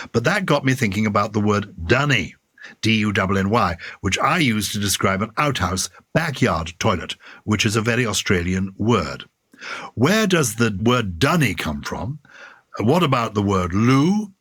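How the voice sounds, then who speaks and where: A man's voice: on the low side, a bit bright, breathy edge, no echo, studio quality. An older man co-hosting a podcast, reading out listener letters in a playful, theatrical way. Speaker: podcast co-host.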